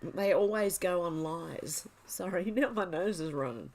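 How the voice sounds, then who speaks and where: A woman hosting a livestream, reading social media posts aloud and chatting about them in quick, casual asides. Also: lowish voice, lively intonation, darkish tone. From Australia. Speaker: livestream host.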